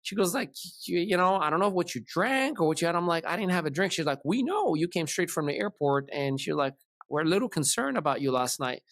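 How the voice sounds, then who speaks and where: A man's voice: on the high side, fast talker, creaky, no room sound, clean studio sound. A man hosting a podcast, casually telling a long story and acting out the voices of the people in it. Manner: animated, acts out dialogue in his retelling. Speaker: podcast host.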